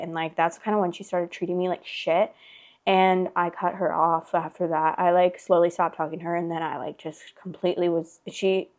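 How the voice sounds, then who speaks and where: Chatty young woman with a lowish voice. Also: a little mellow. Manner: chatty, heavy filler "like", swears freely. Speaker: podcast host. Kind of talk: casual storytelling chat.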